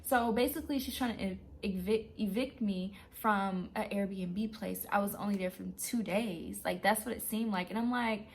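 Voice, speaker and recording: A woman telling a true travel story in a casual, animated way, acting out her own reactions. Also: mid-range voice, normal speed, few pauses. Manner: animated, excitable retelling. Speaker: travel vlogger.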